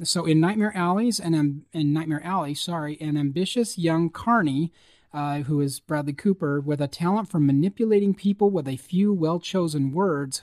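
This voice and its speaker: A man's voice: on the high side, darkish tone, dry recording, clean studio sound. A man co-hosting a casual podcast chat about movie news, reading out items with lots of fillers. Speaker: podcast co-host.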